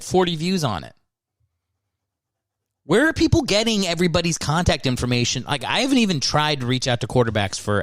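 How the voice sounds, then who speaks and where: A man's voice: fairly high pitch, a bit bright, no echo. A man hosting a podcast, rambling through a casual monologue and poking fun at himself. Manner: rambling, self-mocking. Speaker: podcast host.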